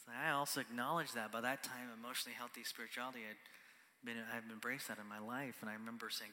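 A pastor in his thirties preaches a conversational sermon in a large church hall, often ending lines with "right?" and dropping to a whisper for emphasis. His mid-range voice is level in tone, fast, pushed, and bright. The hall gives the recording a long reverb.

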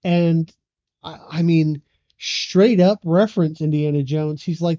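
A woman's voice: sits low, unhurried, mellow, no room sound, dull audio. A woman co-hosting a casual movie podcast, dryly recapping the plot. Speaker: podcast co-host.

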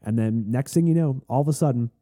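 A man with a medium-pitched, dark-toned voice talks fast as he hosts a podcast. He tells a long, rambling story full of wry self-deprecation, in a casual anecdotal style. There's no distinct accent beyond non-Southern American.

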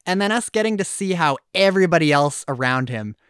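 A man's voice: fairly high pitch, animated, fairly quick, fairly bright tone, clean tone, dry recording, studio quality. A man co-hosting a podcast, talking casually and laughing easily, often restarting his sentences. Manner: chatty, laughs easily, frequent restarts and fillers. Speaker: podcast co-host. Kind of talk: casual chat.

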